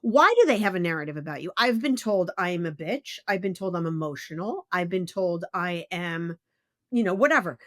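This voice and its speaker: A woman's voice: on the low side, expressive, a little fast, no room sound, studio quality. A middle-aged woman hosting a podcast interview, talking bluntly and emphatically, with some swearing. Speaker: podcast host. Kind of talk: casual interview chat.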